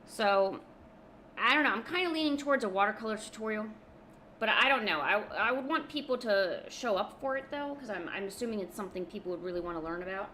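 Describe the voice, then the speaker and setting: A woman's voice: medium pitch, animated, quick pace, bright, forceful tone, slight background noise. A woman art streamer in casual live-stream chat, rambling and chatty, with many ums.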